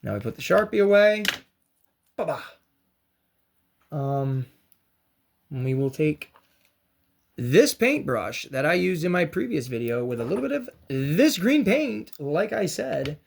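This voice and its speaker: A man's voice: a little high, very animated, unhurried, creaky, pauses often, slight background noise. A man hosting a casual painting and crafts tutorial, chatty and encouraging, with joking slangy asides. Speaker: host of a toy and craft channel.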